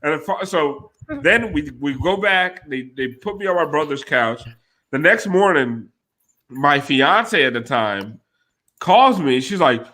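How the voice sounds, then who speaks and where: A man's voice: a little high, animated, a little slow, pushed and bright. A man telling a rowdy, profane story on a casual chat show, laughing often.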